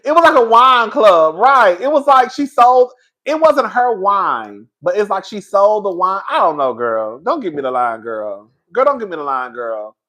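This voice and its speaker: A man giving a sassy, animated live-stream review, reading chat as he goes, calling viewers "girl", laughing often and swearing freely. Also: sits high, normal speed. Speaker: reality TV show reviewer.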